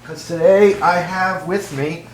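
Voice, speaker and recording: A man's voice: sits high, steady tone, measured pace, slight background noise, voice pushed up. A man voicing an eager amateur podcast host who rambles on while saying very little, as a parody sketch. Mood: over-eager.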